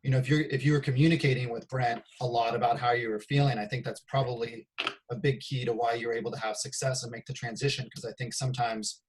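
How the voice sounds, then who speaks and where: A man, a volleyball coach, interviewing a former player in a measured, reflective way, with some "um" and "you know". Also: medium pitch, fairly even intonation. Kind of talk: casual interview talk.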